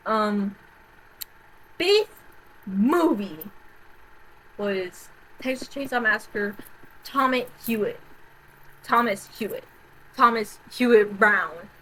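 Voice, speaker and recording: A woman vlogger in a casual, rambling rant, often repeating herself and swearing, swinging between loud outbursts and quiet mutters. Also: medium pitch, lively intonation, slow, long pauses, poor audio. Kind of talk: casual rant about horror movies.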